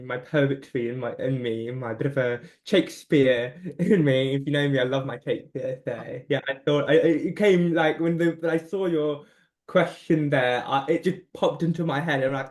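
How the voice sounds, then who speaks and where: A man of about twenty, a podcast guest, talking casually in a chatty, self-deprecating way with quick restarts. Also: mid-range voice. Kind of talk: casual chat.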